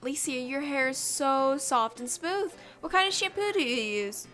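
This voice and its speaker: Woman putting on squealy schoolgirl voices, gushing, excitable, very high and bright, game dialogue. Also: moderate pace, faint music behind.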